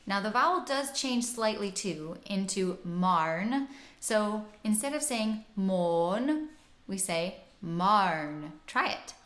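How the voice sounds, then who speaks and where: A woman teaching pronunciation, talking through lessons and modelling sounds with clear, exaggerated vowels. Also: medium pitch, lively intonation, takes it slowly, a bit bright. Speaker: singing teacher and host. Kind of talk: instructional lesson with spoken demonstrations. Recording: roomy echo.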